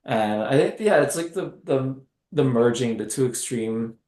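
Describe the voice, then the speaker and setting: A man, a film director being interviewed, talking in a halting, hesitant way with many restarts. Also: medium pitch, lively intonation, a little mellow. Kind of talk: casual interview chat. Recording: echoey room.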